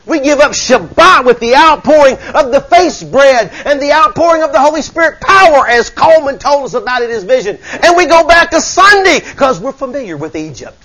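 A man's voice: extremely high pitch, lively intonation, a little fast, hardly any pauses, pushed and bright, poor audio. A male preacher delivering a fiery sermon, reading scripture and firing rhetorical questions at the congregation. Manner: mixes scripture reading with folksy asides.

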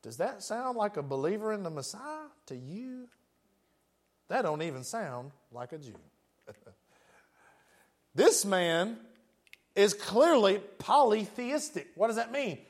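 A man's voice: sits high, very animated, slow pace, long pauses. A man with a West Tennessee accent preaching a sermon in a folksy, joking way, laughing often.

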